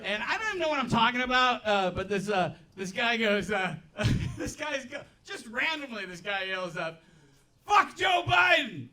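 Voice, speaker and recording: A man's voice: high-pitched, animated, moderate pace, hardly any pauses, pushed and bright. A man doing stand-up, telling rambling stories with restarts and asides in front of a live audience. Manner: rambling, self-interrupting with restarts and laughs. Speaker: stand-up comedian. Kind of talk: stand-up storytelling. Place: live venue with laughing audience.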